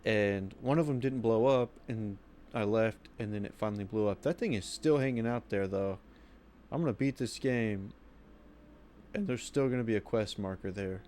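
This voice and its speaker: A man's voice: lowish voice, moderate pace, a little mellow, a little hiss or hum. A man giving casual, rambling commentary as he plays a video game, talking to himself. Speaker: gaming streamer.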